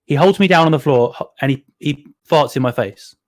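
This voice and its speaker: A man's voice: on the high side, a little fast, dry recording. A man from Europe co-hosting a casual podcast, trading crude stories in a laid-back way. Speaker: podcast co-host. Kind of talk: casual chat.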